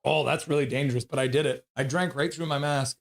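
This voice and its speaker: A man's voice: mid-range voice, fairly even intonation, fast. A man hosting a live stream, calling hockey play-by-play in a casual, chatty way and joking with chat between calls.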